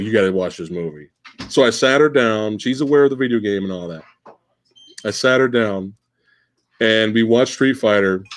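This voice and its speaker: A man in his forties hosting a live Q&A stream, talking in a rambling, profane way and repeating words as he restarts his sentences. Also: medium pitch. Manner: animated, profane, stammering restarts. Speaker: livestream host. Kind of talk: live Q&A chat.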